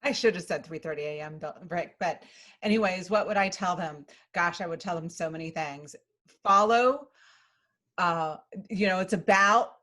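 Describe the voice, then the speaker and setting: A woman co-hosting a podcast, chatting casually and enthusiastically in quick bursts. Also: on the low side, fairly bright tone. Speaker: podcast co-host. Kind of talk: casual chat.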